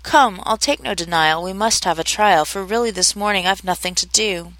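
A woman's voice: mid-range voice, moderate pace, fairly bright tone, no room sound, lightly acted. A cunning, bullying dog, voiced by a woman in a rhyming storybook tale, domineering and sly. Close, dry sound.

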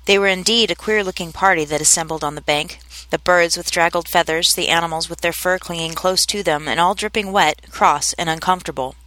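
A woman narrating a classic children's story in a measured, expressive reading. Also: on the low side, no echo.

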